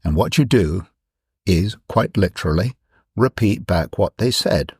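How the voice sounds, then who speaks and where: A man giving a reflective talk, measured and explanatory, repeating key phrases for emphasis. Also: deep voice, animated, darkish tone, slightly rough, no echo, clean studio sound. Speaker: speaker presenting his ideas.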